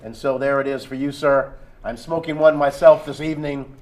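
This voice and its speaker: A man's voice: mid-range voice, steady tone, fairly quick, a little mellow, close to an everyday voice. A man playing a jolly old Santa Claus on a local talk show, courtly and teasing as he hands out gifts. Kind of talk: casual chat in costume.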